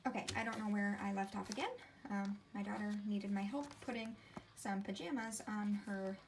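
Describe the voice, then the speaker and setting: Chatty woman with a gravelly voice. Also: medium pitch, steady tone, moderate pace, background noise. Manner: chatty, meandering, self-interrupting. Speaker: ink collection vlogger. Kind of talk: casual rambling vlog while swatching. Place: home desk.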